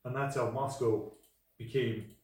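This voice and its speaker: A man's voice: medium pitch, fairly even intonation, measured pace, darkish tone. A man co-hosting a podcast, rambling through a story with frequent restarts and self-corrections. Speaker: podcast co-host. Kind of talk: casual chat. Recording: echoey room, mic at a distance.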